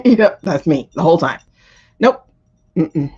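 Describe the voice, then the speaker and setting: A woman's voice: fairly low pitch, very animated, slow pace, darkish tone, breathy edge, highs cut off. A middle-aged woman hosting a tarot livestream, talking in a rambling, chatty way and answering viewer comments. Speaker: tarot reader and livestream host. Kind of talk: casual livestream chat.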